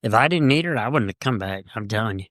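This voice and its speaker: A man's voice: on the low side, expressive, fast, a bit bright, dry recording. Man, podcast co-host, joking casual chat, dry close sound. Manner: joking, playful.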